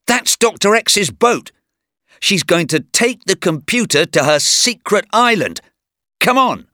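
A man's voice: high voice, big pitch swings, unhurried, bright, forceful tone, no echo, studio quality, voice pushed up, exaggerated voice. A man reading a learner's storybook and voicing a brave young hero who speaks urgently and eagerly. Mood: excited. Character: brave young male hero, quick-thinking. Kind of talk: graded reader story acting.

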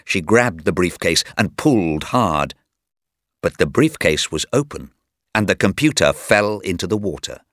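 Slow, bright-voiced male narrator. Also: low-pitched, animated, no echo, clean studio sound. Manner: clear, slow and deliberate. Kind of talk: slow graded reader narration.

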